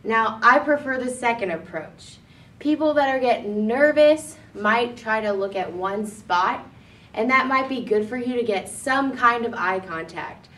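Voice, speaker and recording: A young woman giving a classroom presentation, demonstrating by swinging between upbeat and deliberately somber delivery. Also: on the high side, expressive, a bit bright. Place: classroom with a blackboard. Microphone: far camera. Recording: echoey classroom from far off.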